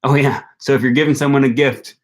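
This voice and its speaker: A man's voice: mid-range voice, steady tone, fast. A young man from Wisconsin with a Wisconsin accent, hosting a casual livestream and thinking aloud with plenty of ums and likes. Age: young adult. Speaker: language-learning channel host. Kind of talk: casual livestream chat with viewers.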